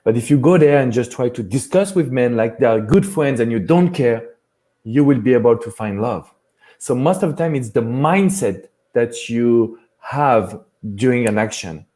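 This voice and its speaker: A man's voice: medium pitch, mellow. A man with a French accent, a dating coach talking earnestly in a live chat, often restarting his phrases. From France.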